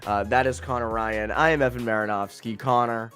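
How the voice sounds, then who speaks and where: A man co-hosting a casual sports podcast, animated and ranting as he chats. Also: medium pitch, brisk, faint music behind. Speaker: podcast co-host.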